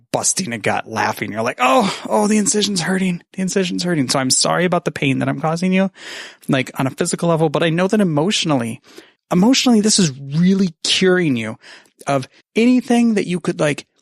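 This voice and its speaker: A man's voice: a little high, creaky, dry recording, clean studio sound. A man recording a casual, rambling message to a friend, self-mocking and swearing freely. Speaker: podcaster sending a message.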